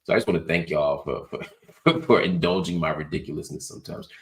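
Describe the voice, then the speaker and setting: Very deep-voiced male talk-show host. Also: fast. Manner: relaxed, conversational, reads viewer comments aloud. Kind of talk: casual talk-show monologue.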